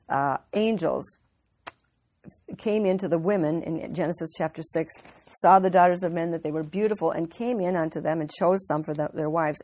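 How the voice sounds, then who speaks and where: A woman's voice: deep voice, a little mellow, no room sound. A woman giving an informal Bible teaching, telling the story earnestly with frequent restarts.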